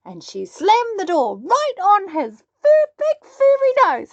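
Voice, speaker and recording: A woman reads a children's story aloud, slow and sing-song. Her high voice swoops widely. The recording is dry and a little dull. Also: very animated, dry recording.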